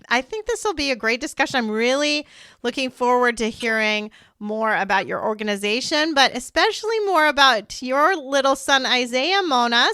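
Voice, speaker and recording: A woman's voice: high-pitched, sharp tone, clean tone, no room sound, clean studio sound. A middle-aged woman hosting an interview podcast, chatty and upbeat as she talks with guests. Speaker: podcast host.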